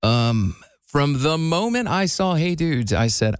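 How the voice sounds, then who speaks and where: A man's voice: a little high, sing-song, slow pace, smooth, dry recording, studio quality. A man hosting a talk show segment in casual chat, playful and leading the conversation. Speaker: radio show host.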